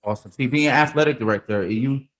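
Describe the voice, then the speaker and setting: A man's voice: medium pitch, quick pace, fairly bright tone. A man hosting an interview, enthusiastic and emphatic, cheering on his guest. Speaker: host. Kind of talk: casual interview.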